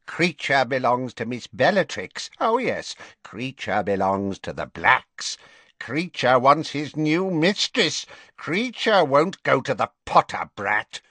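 Croaking, shrill house elf. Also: male voice, big pitch swings, takes it slowly, sharp tone, no echo, heavily acted. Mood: sullen. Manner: stubborn muttered refusals rising to a scream. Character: croaking spiteful male house elf servant. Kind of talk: audiobook character voice.

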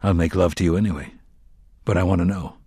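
A man doing a terse, low-voiced gunslinger. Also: fairly even intonation, fast talker, warm tone, breathy edge, no room sound, studio quality. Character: terse, hard male gunslinger, low and flat.

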